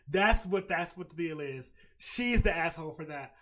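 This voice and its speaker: Animated man with African American English. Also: on the high side, normal speed, hardly any pauses. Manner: animated, exclaiming, swearing, cackling laughs. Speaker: podcast host. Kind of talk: casual chat, reading a forum post aloud.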